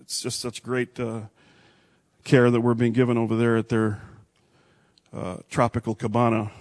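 A middle-aged man from Texas, preaching a sermon with big swings from loud to hushed. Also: medium pitch, little pitch movement, moderate pace. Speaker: pastor.

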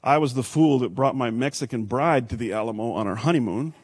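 A middle-aged man from Texas, preaching a sermon with big swings from loud to hushed. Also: medium pitch, fairly quick, slightly rough. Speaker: pastor.

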